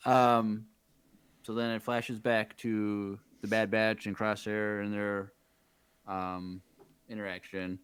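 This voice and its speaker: A man with a lowish, smooth and resonant voice, talking through a plot recap in a loose, chatty way with plenty of "um" and "like". The sound is close and dry, with no room in it. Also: little pitch movement, slow, fairly bright tone, no room sound. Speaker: podcast host. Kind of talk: casual episode recap.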